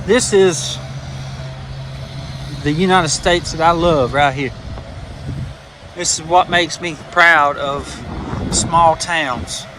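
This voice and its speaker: A folksy man talks excitedly as he vlogs on a small town square. His voice sits fairly high and he repeats himself as he goes. Street noise is clearly heard around him. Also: slow pace, pauses often. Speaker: vlogger. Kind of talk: casual vlog.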